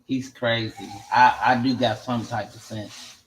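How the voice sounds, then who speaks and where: A man's voice: medium pitch, fairly even intonation, a little slow, fairly bright tone, echoey room, slight background noise, low-quality recording. A man from Chicago chatting casually on an open panel, joking and slangy. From Chicago, Illinois. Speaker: panel participant. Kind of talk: casual chat.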